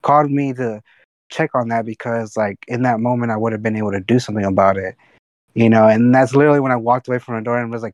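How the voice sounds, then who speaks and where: A man's voice: medium pitch, steady tone, fast, dry recording, rough recording. A man telling stories in a loose, casual podcast chat. He rambles, restarts his sentences and swears freely. The sound is dry and close. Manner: rambling, restarts and fillers, profanity.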